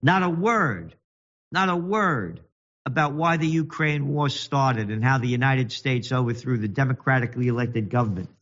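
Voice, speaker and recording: A man hosting his own show, delivering indignant, mocking political commentary that alternates rapid reading with slow, emphatic jabs. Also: mid-range voice, dull audio. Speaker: show host and magazine publisher.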